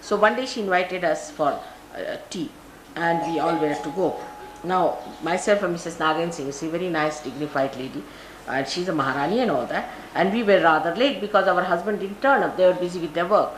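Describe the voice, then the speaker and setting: A woman's voice: fairly low pitch, brisk, background noise. Older Indian woman telling stories in a roomy recording. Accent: Indian English. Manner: storytelling, acts out quoted people. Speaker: spiritual teacher. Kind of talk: spiritual talk to followers. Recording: roomy archival live recording.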